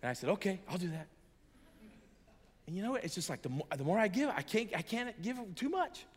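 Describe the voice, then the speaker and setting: A fairly high-voiced American preacher, middle-aged, delivering an earnest sermon to a gathered crowd. He shifts from quiet, intimate lines to emphatic bursts and laughs through his storytelling. His voice rings out with a long reverb from the big hall. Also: big pitch swings, fast, breathy edge. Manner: earnest, emphatic, swings between soft and loud, chuckles as he tells stories. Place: large hall before an audience.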